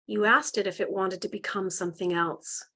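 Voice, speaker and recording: A woman teaching a live online spiritual healing class, earnest and gently guiding, at times emotional, speaking into a video call microphone. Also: medium pitch, fairly even intonation, normal speed.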